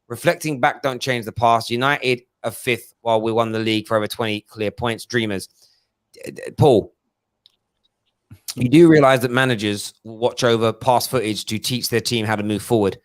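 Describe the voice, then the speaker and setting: A man hosting a football fan phone-in, reading viewer messages and launching into passionate rants that build toward shouting. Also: medium pitch, steady tone, moderate pace. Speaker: phone-in show host. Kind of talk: casual fan phone-in chat.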